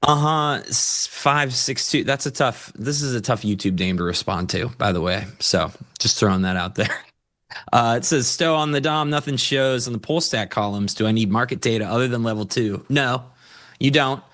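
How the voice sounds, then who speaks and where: Guy co-hosting a live stream, bright forceful voice, laughs a lot, loose and chatty. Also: medium pitch, moderate pace. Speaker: co-host answering chat questions. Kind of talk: casual live-stream chat.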